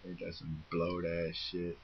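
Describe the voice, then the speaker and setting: A man's voice: low voice, completely flat delivery, measured pace, creaky, husky, highs cut off. A man casually telling a rambling, profane story with frequent swearing. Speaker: vlogger.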